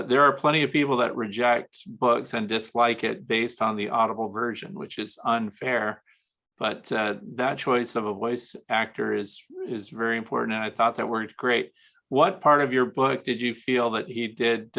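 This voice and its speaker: A man's voice: medium pitch, steady tone, normal speed, vocal fry, pushed and bright. A man hosting a casual interview, chatty and curious, asking follow-up questions. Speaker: interviewer host.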